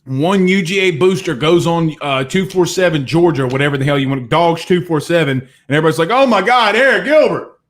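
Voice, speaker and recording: Man, live sports talk host, emphatic, repeats himself, slightly high voice. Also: fast, hardly any pauses. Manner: animated, emphatic, repeats phrases, addresses viewers directly. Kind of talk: live sports talk show, reading viewer comments.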